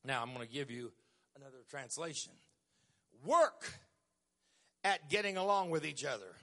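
A middle-aged man preaching a sermon, moving from quiet storytelling to loud, emphatic lines with stretched-out words. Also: medium pitch, lively intonation, a little fast.

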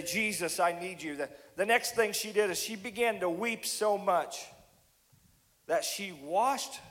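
An impassioned male pastor preaching with a fairly high voice, climbing to near shouts and then sinking to hushed words. His voice rings out with a long reverb tail, as in a large hall. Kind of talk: sermon.

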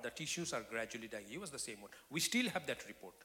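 Man, guest preacher, bright forceful tone, testimony sermon swinging between loud and whispered, church hall reverb. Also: mid-range voice, big pitch swings, fairly quick. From Nepal. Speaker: guest speaker.

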